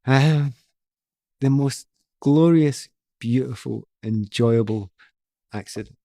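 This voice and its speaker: A middle-aged Scottish man tells his stories in a lively, self-deprecating way, often restarting his sentences. His voice sits at a middling pitch. The sound is dry and close. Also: slow, vocal fry, dry recording. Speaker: guest, former footballer. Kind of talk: casual storytelling.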